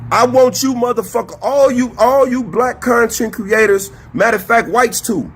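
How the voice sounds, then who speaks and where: A man's voice: very high voice, moderate pace, slightly rough. A man co-hosting a podcast, ranting in a profane, confrontational, emphatic way. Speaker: podcast co-host. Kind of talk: heated casual commentary.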